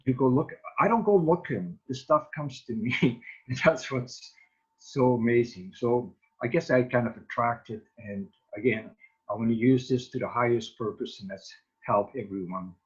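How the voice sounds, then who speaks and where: A man in casual chat as a wellness practitioner on a video call, speaking earnestly and slowly with pauses. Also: medium pitch, slightly rough. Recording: muffled video call audio.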